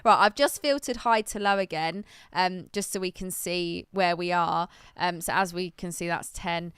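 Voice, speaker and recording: A woman co-hosting a live stream in a relaxed, chatty way, often pausing on "um" as she thinks aloud. Her voice is very smooth and clear. The sound is dry and close, with no room around it. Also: on the low side, dry recording. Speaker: stream co-host. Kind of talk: casual live-stream chat.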